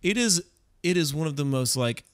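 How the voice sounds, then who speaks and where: A man from the US Northeast co-hosting a casual podcast, halting and quick to laugh. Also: fairly high pitch, expressive, no echo, studio quality. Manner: halting, self-correcting, laughs often. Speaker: podcast co-host. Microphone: studio mic, live stream.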